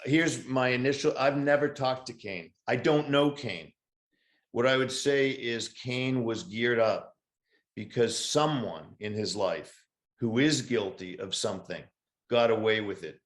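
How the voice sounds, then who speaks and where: A man co-hosting a podcast in a casual chat, telling stories in a wry, rambling, deadpan way. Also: mid-range voice, measured pace. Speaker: podcast co-host. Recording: roomy echo.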